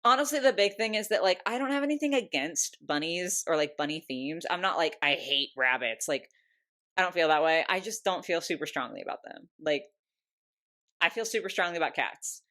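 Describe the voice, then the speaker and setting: A young woman vlogging about her doll collection in an excited, chatty way, full of fillers and little laughs. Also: fairly low pitch, fairly quick. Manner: gushing, chatty, lots of "like" and laughs. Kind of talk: casual ranking vlog.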